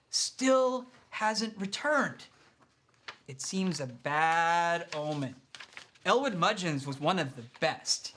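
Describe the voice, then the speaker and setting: A man runs a tabletop game with a bright, clear voice. He narrates the scene and then banters with his players in a lively way. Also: high voice. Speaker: game master.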